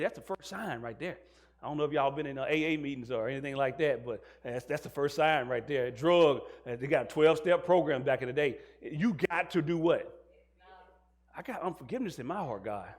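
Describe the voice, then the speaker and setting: A male pastor preaching a sermon, asking the congregation questions and mixing in jokes. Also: on the high side. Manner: call-and-response questions to the congregation.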